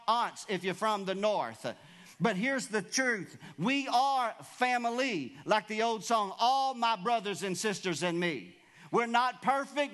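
A man's voice: sits high, pushed and bright. A man preaching a sermon as pastor, emphatic and calling out to his congregation.

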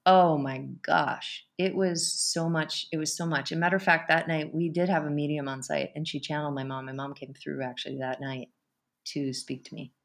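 Guest, female, low voice, heartfelt storyteller who laughs easily. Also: normal speed, vocal fry. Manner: emotional, animated storytelling with laughs. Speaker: podcast guest. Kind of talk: personal storytelling interview.

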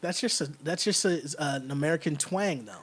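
Canadian guy on a sports podcast, kinda husky, a bit high, keeps saying right?. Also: normal speed, fairly bright tone. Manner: talkative, keeps asking "right?". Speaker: podcast host. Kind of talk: casual sports chat.

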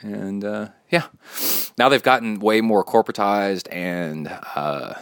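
A man's voice: lowish voice, slow pace, gravelly, clear, resonant tone, dry recording, clean studio sound. A man hosting his own podcast in a casual, rambling solo talk, reading a listener's email aloud into his phone. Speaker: podcast host.

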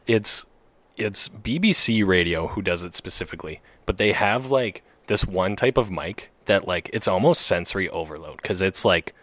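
A man's voice: deep voice, moderate pace, fairly bright tone, dry recording. A young man hosting a casual podcast chat, talking in a rambling, joking way full of fillers. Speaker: podcast host. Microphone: podcast mic.

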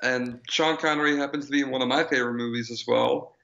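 A man's voice: mid-range voice, fast, vocal fry. Joking podcast co-host man, muffled sound. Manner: animated, joking, speeds up when excited. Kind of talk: casual chat. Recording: dull lo-fi podcast audio.

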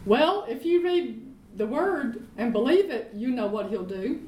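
A woman's voice: a little high, animated, measured pace, dark tone, echoey room, a little hiss or hum, low-quality recording. A woman teaching from the Bible in an emphatic way, repeating her points and asking rhetorical questions. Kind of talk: teaching sermon in conversation.

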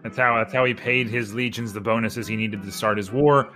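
A man's voice: fairly low pitch, steady tone, brisk, bright, forceful tone, soft background music. Joking man telling history on a podcast. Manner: joking, rambling storyteller. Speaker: podcast co-host. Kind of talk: casual history podcast chat.

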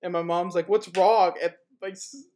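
A man's voice: sits high, steady tone, moderate pace, a little mellow. Male podcast host, casual and profane, laughs through his own anecdotes. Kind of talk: casual chat, storytelling.

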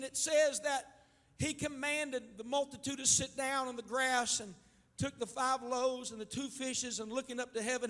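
A male pastor with an Ohio accent preaching a fiery sermon, building to loud shouts and calling on the congregation. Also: very high-pitched. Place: church sanctuary. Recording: live church hall with long reverb and faint music.

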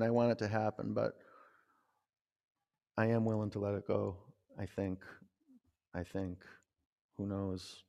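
With a gravelly, lowish voice, a young man teaching yoga in a studio keeps up a chatty, wandering patter full of "you know"s. A long reverb lingers, and the high frequencies are cut off.

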